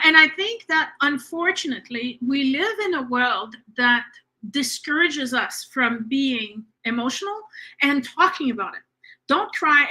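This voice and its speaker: A woman's voice: high-pitched, bright, forceful tone. A woman hosting a spiritual podcast, talking in an earnest, reassuring way with frequent fillers. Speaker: podcast host. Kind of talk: casual spiritual conversation.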